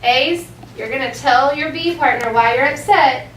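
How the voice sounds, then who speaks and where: A woman teaching a classroom language lesson, modeling phrases slowly so students can echo them. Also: high voice, fairly bright tone, a little hiss or hum. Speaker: elementary school teacher. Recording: echoey classroom from far off.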